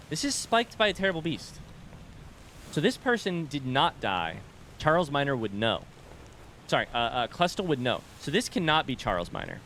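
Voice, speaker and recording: A man's voice: mid-range voice, fairly bright tone, a little hiss or hum. A man hosting a game playthrough, thinking aloud and muttering as he works through a puzzle. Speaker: let's play host. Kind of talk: video game commentary. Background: game music.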